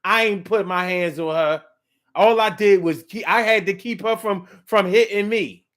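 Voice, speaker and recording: Man doing a whiny, high, frantic liar of a boyfriend, loud and pleading. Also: normal speed. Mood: defensive.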